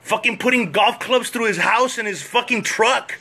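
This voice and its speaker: A man ranting profanely as a comedian, switching fast between English and Spanish. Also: very high voice, pushed and bright, slightly rough. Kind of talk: comedic rant to camera.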